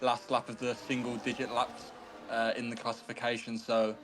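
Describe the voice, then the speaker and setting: A man's voice: mid-range voice, moderate pace, a loud crowd. A man co-commentating an online sim race, chatting about the driving and checking viewer chat. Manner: steady, chatty co-commentator who reads the chat.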